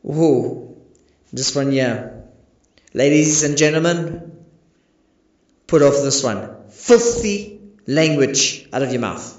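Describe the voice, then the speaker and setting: A man preaching with a high, ringing voice, firing rhetorical questions at his congregation. The sound is echoey and a little dull, like a lo-fi recording in a reverberant room. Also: expressive, takes it slowly, pauses often, darkish tone. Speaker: pastor. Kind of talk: sermon.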